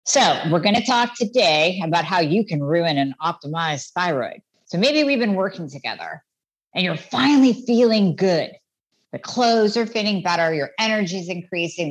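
A woman's voice: fairly low pitch, rough recording. A woman, a doctor hosting her own podcast, talking casually and animatedly while recording outdoors on her phone. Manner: chatty, animated, voices her listeners' inner thoughts. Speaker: podcast host and thyroid doctor.

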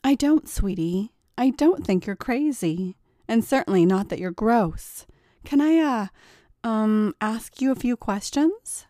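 A woman reading the part of a gentle middle-aged stepmother, soft, patient and motherly. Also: fairly high pitch, lively intonation, slow, dry recording, studio quality. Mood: reassuring.

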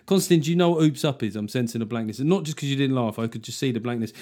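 A man hosting a podcast, telling stories in a sweary, jokey, animated way. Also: mid-range voice, very fast. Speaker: podcast host. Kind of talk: casual comedic chat.

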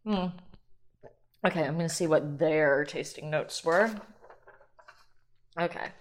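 A young adult woman talks on her own podcast in an easy, rambling way, thinking out loud and dropping the occasional swear word. Her voice sits a little on the lower side for a woman. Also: slow, long pauses. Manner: chatty, rambling, swears casually, thinks aloud. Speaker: podcast host. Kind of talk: casual solo podcast chat.

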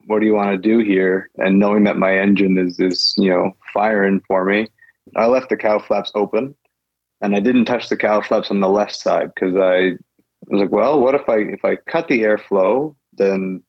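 A man's voice: fairly low pitch, fairly even intonation, normal speed, dry recording, lo-fi sound. A man, a guest pilot, telling his story in a loose, casual way, repeating phrases and laughing now and then.

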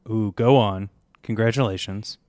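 A man's voice: fairly low pitch, moderate pace, darkish tone, dry recording, studio quality. A man co-hosting a podcast in casual chat, with playful, teasing banter. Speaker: podcast co-host.

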